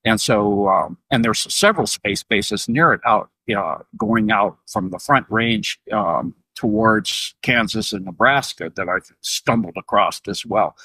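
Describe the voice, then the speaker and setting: A man's voice: lowish voice, unhurried, few pauses, dry recording. A middle-aged man, a retired Navy submariner, telling stories as a podcast guest, acting out dialogue and chuckling often. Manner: animated, acts out dialogue in raised voices, chuckles often. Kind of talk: casual storytelling interview.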